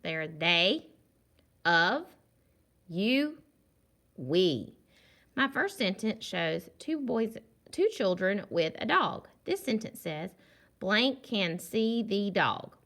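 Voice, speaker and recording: A woman teacher giving a recorded phonics lesson to young children, sounding out words slowly and clearly and praising them. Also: mid-range voice, sing-song, a bit bright.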